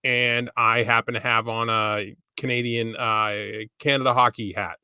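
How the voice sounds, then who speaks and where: A man's voice: mid-range voice, level tone, a little slow, pushed and bright, clean tone, dry recording, studio quality. A young man co-hosting a hockey podcast, telling a long rambling story in casual chat and acting out the people he quotes. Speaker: podcast co-host.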